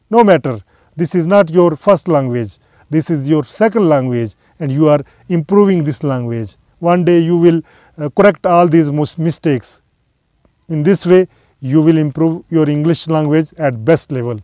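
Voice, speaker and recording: Slow, high-voiced man teaching English. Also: mellow, no echo. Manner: slow, earnest advice with repeated phrases. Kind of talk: spoken English lesson to viewers.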